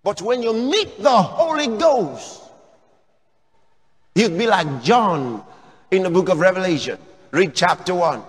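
A male pastor preaches in a high-pitched voice, firing questions at his listeners and leaping from shouts to quiet asides. The sound carries the long reverb of a large church hall. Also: big pitch swings, slow pace. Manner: emphatic, questioning, swings from shouts to low asides. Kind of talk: sermon.

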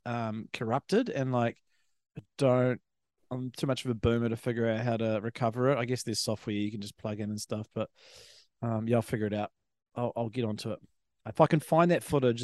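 A man's voice: mid-range voice, normal speed, darkish tone, dry recording. Easygoing New podcast man. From New Zealand. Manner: easygoing, sweary, self-deprecating. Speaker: podcast co-host. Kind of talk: casual chat.

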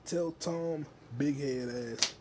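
A man's voice: a little high, takes it slowly, heavy background noise. Man ranting profanely in his kitchen. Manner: profane, rambling, laughing at own jokes. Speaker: podcast host. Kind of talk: crude solo podcast rant. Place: home kitchen.

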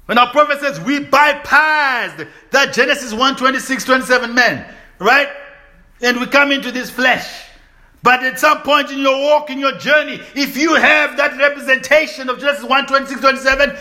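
A man preaching a sermon in call-and-response fashion, often asking his listeners to agree, with bursts of shouting and laughter. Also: very high-pitched.

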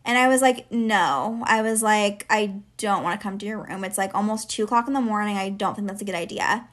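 A woman's voice: medium pitch, a little fast, a bit bright. A woman in her twenties, a podcast co-host, telling a long personal story in casual chat, with lots of "like" fillers. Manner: chatty, heavy use of filler "like".

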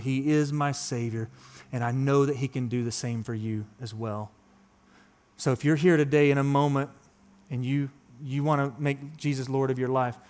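Here a man in his thirties, a pastor, preaches with a medium-pitched voice. The sermon alternates hushed, close passages with loud, pressing ones in a repetitive rhythm.

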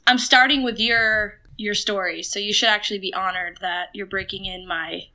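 A woman's voice: medium pitch, fairly even intonation, pushed and bright. A young woman from Maine with a New England accent, chatting casually as a podcast guest. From Portland, Maine. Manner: chatty, laughing, quick asides. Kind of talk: casual chat.

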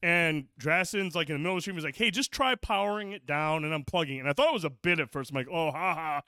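A man's voice: fairly high pitch, lively intonation, fast, pushed and bright, no room sound, clean studio sound. A man co-hosting a podcast, chatting casually and telling rambling, profane stories. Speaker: podcast co-host. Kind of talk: casual chat.

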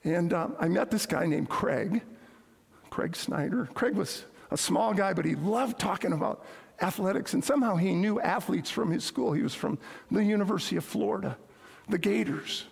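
A man's voice: high voice, lively intonation, moderate pace, vocal fry, slightly rough. A man preaching a sermon as pastor, telling stories and repeating his key points. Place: church sanctuary. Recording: echoey hall with long reverb.

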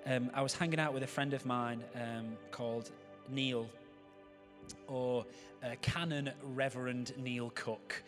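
A man's voice: medium pitch, steady tone, unhurried, music in the background. A man, a pastor giving a sermon in a chatty way, with joking asides to the congregation.

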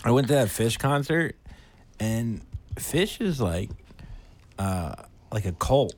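Animated, swearing young man telling stories. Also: mid-range voice, slow. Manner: profane, animated storytelling with beatboxing. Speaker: podcast co-host. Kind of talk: casual chat.

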